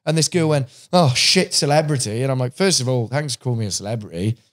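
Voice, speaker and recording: A man tells anecdotes in a relaxed podcast chat. He jumps into other people's voices as he goes and swears casually. His pitch sits in the middle. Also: racing. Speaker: podcast guest, voice actor.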